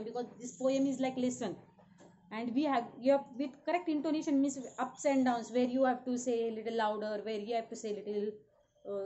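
A woman's voice: high voice, dark tone, lo-fi sound, a little hiss or hum. A woman teacher with a Marathi accent, explaining a lesson step by step and checking with questions to the class.

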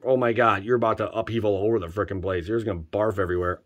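A man casually commenting as he opens card packs for viewers, excitable and joking, jumping between loud hype and quiet muttering. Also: fairly low pitch, racing, few pauses. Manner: slangy, joking, teasing. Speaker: channel host opening card packs for viewers.

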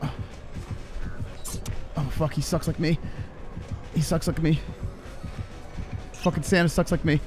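A man giving live commentary on his own gameplay, swearing and reacting in excitable panic. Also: fairly high pitch, measured pace, long pauses, music in the background. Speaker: streamer.

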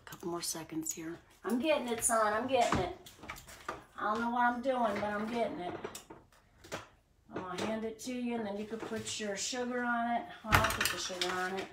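A somewhat high-voiced woman chats her way through a casual cooking livestream at home. She talks straight to her viewers as she works in her kitchen. The recording is noisy, with clicks behind her. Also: brisk, far from the mic.

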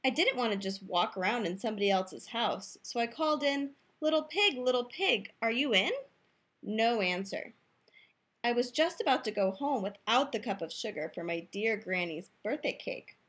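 A woman's voice: mid-range voice, moderate pace, slightly rough. A woman playfully reading a picture book aloud, telling the story in first person as the wolf, in a youth room.

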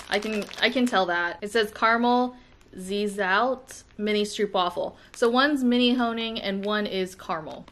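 An American woman vlogs from home in a casual, gushing way, breaking into excitable exclamations as she unboxes snacks. Her voice sits at a middling pitch. A faint hiss of noise runs under the recording. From United States. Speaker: vlogger. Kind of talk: casual unboxing and taste-test chat.

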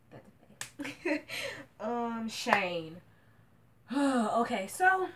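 A woman's voice: medium pitch, a little hiss or hum. Dramatic, slangy young woman vlogging. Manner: dramatic, slangy, swings from hushed to shrieking. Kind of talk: casual vlog rant.

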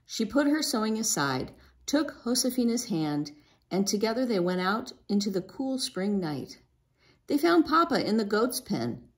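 A woman reading a children's book aloud in a gentle, expressive way. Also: mid-range voice, measured pace. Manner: gentle, expressive, lifts her voice for a young girl's lines. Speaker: storybook reader.

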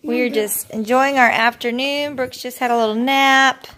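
A woman's voice: high-pitched, steady tone, normal speed, bright, forceful tone. A young woman, a mother, chatting casually to the camera in a family vlog, laughing often and cooing at her kids.

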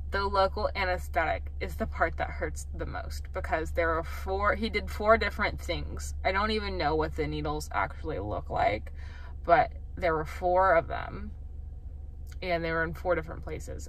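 Woman, home vlogger, fairly low voice, loose rambling chat full of "like" and "um". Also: fairly bright tone, slight background noise. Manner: chatty, rambling with many fillers. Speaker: vlogger and stay-at-home mom. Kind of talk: casual vlog chat.

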